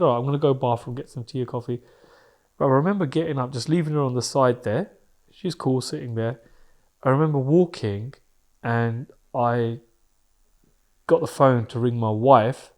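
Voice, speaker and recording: A man's voice: a little high, animated, normal speed, darkish tone. Candid man telling his story. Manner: candid, emotional, swears, slangy. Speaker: podcast guest. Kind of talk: personal storytelling.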